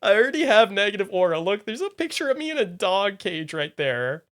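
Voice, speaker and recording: Playfully teasing their live audience, this streamer speaks in a middle range but with big pitch swings, shifting from quiet mumbles to abrupt loud outbursts. Phrases get repeated as fast comments aimed at chat.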